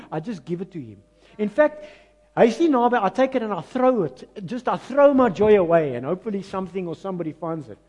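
This South African pastor, whose accent blends in Afrikaans, has a high-pitched voice as he delivers his sermon. He pokes fun at himself and talks to the congregation in conversational asides, moving between loud, emphatic lines and quiet ones.

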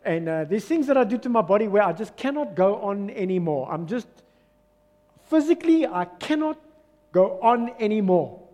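A man with a South African accent preaching a sermon as pastor, swinging from loud exclamations to soft, low asides. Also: big pitch swings, moderate pace, big-room sound. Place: church hall.

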